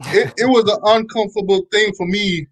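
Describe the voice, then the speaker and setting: A man's voice: high voice, fairly quick, poor audio. A man from Jamaica, speaking thoughtfully in a casual chat.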